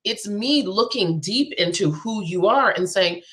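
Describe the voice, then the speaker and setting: A woman's voice: mid-range voice, animated, a little slow, few pauses, a bit bright. A woman guest on a live show, a business coach talking in an emphatic, persuasive way and repeating her key phrases.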